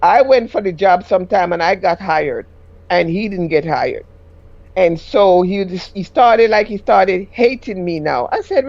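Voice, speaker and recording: A woman's voice: fairly low pitch, expressive, measured pace, a little mellow, no room sound. Dry lo-fi Jamaican woman caller. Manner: rambling, rises sharply when quoting herself. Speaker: caller sharing a personal story. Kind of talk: casual spoken storytelling.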